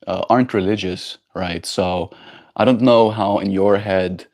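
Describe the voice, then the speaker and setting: A man's voice: low-pitched, fairly even intonation, a little slow, a little mellow. A man mimicking a cautious accusing father. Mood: probing.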